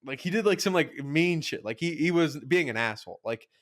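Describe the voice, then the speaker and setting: A man's voice: on the high side, expressive, brisk. A young man co-hosting a podcast, telling a story in casual chat, rambling with lots of "like", swearing and acting out quotes. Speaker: podcast co-host.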